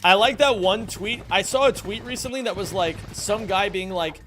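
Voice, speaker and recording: A man's voice: high-pitched, normal speed, a bit bright. A man streaming a speedrun, chatting casually, joking around and swearing at himself. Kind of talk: casual livestream commentary. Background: music playing.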